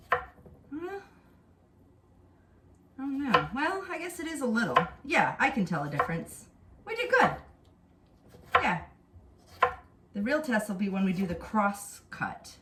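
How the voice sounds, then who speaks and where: Low-voiced woman cooking at home. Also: fairly bright tone, echoey room, recorded from a distance, slight background noise. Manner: chatty, explains as she works. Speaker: cooking vlog host. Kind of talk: casual cooking demonstration. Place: home kitchen.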